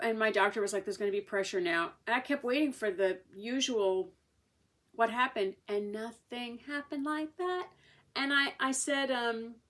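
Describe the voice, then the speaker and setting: Woman, thirties, chatty, rambling, casual vlog storytelling, mid pitch. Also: fairly bright tone. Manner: chatty, rambling with many restarts and fillers. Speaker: vlogger sharing a patient's experience.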